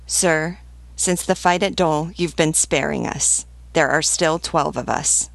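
A woman's voice: sits low, unhurried, vocal fry, dry recording. A woman reading as a devoted army sergeant. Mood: earnest. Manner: earnest, pleading, fiercely protective. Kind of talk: audiobook reading.

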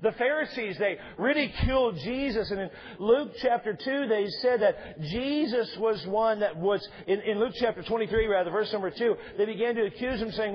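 A man preaching in a church, his voice a little high and husky. He talks to the congregation like he is chatting with them and drops joking asides. The recording sounds dull and lo-fi. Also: expressive, normal speed, hardly any pauses. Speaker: pastor. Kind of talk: sermon. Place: church sanctuary.

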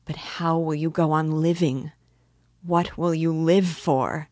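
Brief: devout young woman begging urgently, read by a woman, measured pace, dry room. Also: sits low, fairly even intonation, no room sound. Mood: pleading. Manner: fervent, imploring.

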